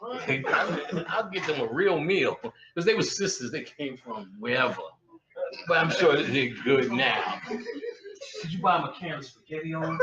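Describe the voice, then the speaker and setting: Loud laughing guy telling raunchy stories live, kinda high voice, roomy echo, far from mic. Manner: loud animated storytelling, laughs and shouts at his own punchlines; heavy profanity and slang. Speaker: comedic storyteller. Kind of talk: live stand-up style storytelling. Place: lecture room with an audience. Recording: echoey room, distant lo-fi mic.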